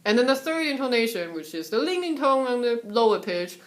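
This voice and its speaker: A young woman from Taiwan giving a casual, chatty lesson on Mandarin tones at home, sometimes singing syllables to show the pitches. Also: brisk, crowd noise. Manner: relaxed, chatty, breaks off to soothe her cat; sings syllables and solfege to demonstrate tones. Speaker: Mandarin tone teacher.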